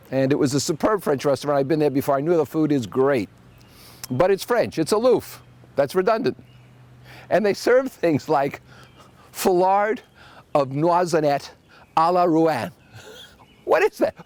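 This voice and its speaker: A man hosting a solo podcast, telling wry anecdotes with animated asides. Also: a little high. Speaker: podcast host.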